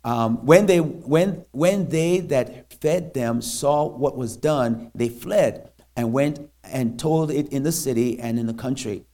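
A man preaching as a missionary in a church, halting and full of fillers, then reading scripture aloud. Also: medium pitch, warm tone. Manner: halting, many fillers and restarts.

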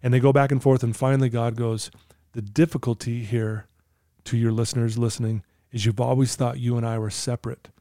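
A man's voice: medium pitch, little pitch movement, a little fast, warm tone, dry recording, studio quality. A man talking as a guest in an interview, telling stories in an earnest way and acting out talks with his clients. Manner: earnest, acts out dialogue with clients. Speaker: podcast guest, client coach. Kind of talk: conversational storytelling interview.

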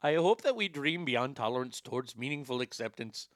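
A man's voice: mid-range voice, expressive, fairly bright tone, no room sound, pitched below the performer's own voice, natural voice. A man putting on an Indian accent that slips toward Irish, voicing an earnest person reading a plea for acceptance. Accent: put-on Indian accent slipping toward Irish. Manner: earnest, solemn, measured.

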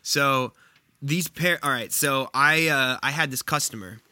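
Animated storytelling man, bright dry voice. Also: mid-range voice, a little slow, dry recording. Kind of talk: casual chat, storytelling.

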